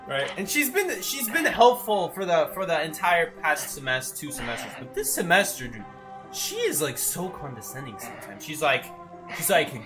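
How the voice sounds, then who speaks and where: A young adult game streamer telling stories in casual chat, animated and often asking "right?". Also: medium pitch, normal speed, faint music behind. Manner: animated storyteller, tags lines with "right?". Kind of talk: casual chat while gaming.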